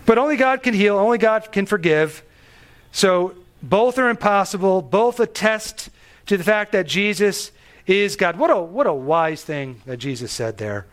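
Animated male preacher, high voice. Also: unhurried. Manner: animated preaching, rising emphatic pitch on key phrases. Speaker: pastor. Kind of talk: sermon.

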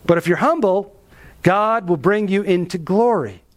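A man's voice: lively intonation, normal speed. A man preaching an expository sermon, emphatic, asking rhetorical questions and dropping his voice for weight. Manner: emphatic, with rhetorical questions and dramatic drops in pitch.

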